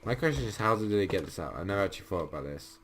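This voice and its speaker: A young man with a low, deep voice talks through a game in a relaxed, rambling way, filling pauses with ums. His home mic picks up a steady hiss of noise behind him. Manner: rambling, thinking aloud, frequent ums. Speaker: gameplay commentator. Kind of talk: casual let's-play commentary.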